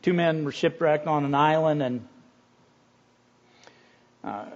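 Earnest, high-voiced preacher. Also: male voice, slow pace, highs cut off. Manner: earnest, conversational preaching with restarts. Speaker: pastor. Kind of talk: sermon.

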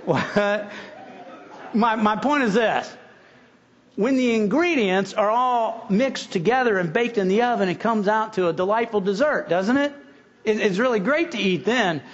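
Middle-aged male pastor, high voice, folksy sermon with repeated starts, muffled recording. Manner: folksy, repeats words when starting sentences.

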